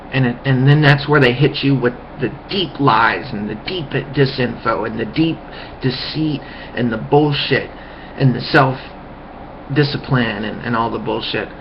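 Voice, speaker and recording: A man's voice: mid-range voice, vocal fry, a little hiss or hum. A man in a heated, profane ranting monologue, recorded on a webcam microphone. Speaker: vlogger. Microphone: webcam mic. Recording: muffled lo-fi webcam audio.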